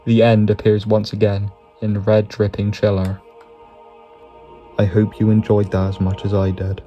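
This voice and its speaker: A man's voice: fairly low pitch, monotone, measured pace, mellow, highs cut off, soft background music. A man giving comedic scripted narration, swearing often and chuckling through his lines. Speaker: YouTube narrator.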